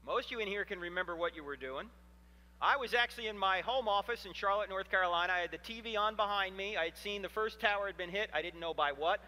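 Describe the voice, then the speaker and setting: A man in his fifties giving an animated, humorous storytelling lecture to a live audience in a hall. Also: high-pitched, fast. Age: 50s. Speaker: Christian apologetics speaker.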